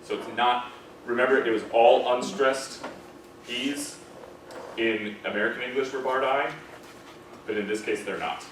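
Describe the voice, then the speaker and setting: A man's voice: mid-range voice, fairly even intonation, unhurried, pauses often. A man teaching a classroom diction lesson on British pronunciation for singers, conversational and demonstrating vowel sounds aloud, often checking that students follow. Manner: conversational, checks understanding with frequent "okay?" and "right?". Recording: echoey room, mic far off, faint noise.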